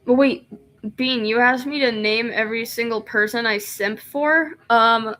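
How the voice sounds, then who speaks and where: A young woman streaming a game, reading its text aloud and chatting excitedly, often laughing and rambling. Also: fairly high pitch, a little slow. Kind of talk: casual let's-play chat, reading game text aloud.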